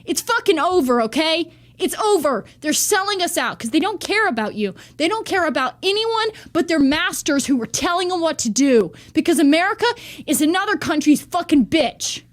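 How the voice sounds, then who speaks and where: Woman, high voice, riled up, heated, profane, vlog rant. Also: animated, normal speed. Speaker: vlogger. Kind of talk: ranting vlog monologue.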